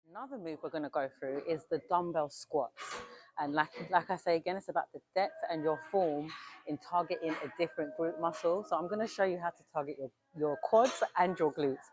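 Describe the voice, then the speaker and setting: A woman's voice: fairly low pitch, a little mellow. A young woman coaching a gym workout in a casual, direct way, a bit out of breath as she demonstrates. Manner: direct, coaching, talks to viewers as "you lot". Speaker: fitness coach.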